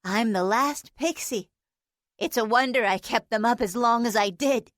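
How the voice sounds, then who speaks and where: A woman's voice: fairly high pitch, normal speed, fairly bright tone, no echo, clean studio sound, close to an everyday voice. A woman voicing a small, teary female pixie who is blunt, sarcastic and swears. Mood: subdued.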